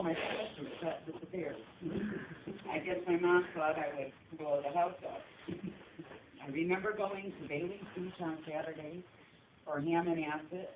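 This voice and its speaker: A woman reading a funeral eulogy as steady storytelling about family memories. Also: on the low side, background noise. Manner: steady storytelling, breaking into laughs. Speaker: eulogy speaker. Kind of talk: funeral eulogy read from notes. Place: funeral service room. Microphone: phone recording from the audience. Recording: echoey room, distant dull phone audio.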